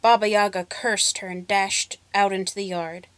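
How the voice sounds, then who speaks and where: A woman storyteller narrating a folk tale with expressive, dramatic pacing. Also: mid-range voice, moderate pace, dry recording.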